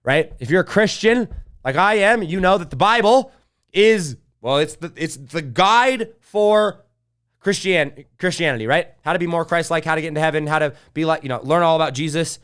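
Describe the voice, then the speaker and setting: A man hosting his own show, excitedly retelling a business event and quoting others in a lifted voice. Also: fairly high pitch, normal speed, clear, resonant tone. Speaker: podcast host. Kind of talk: energetic solo recap to camera. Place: home studio with glitching lights.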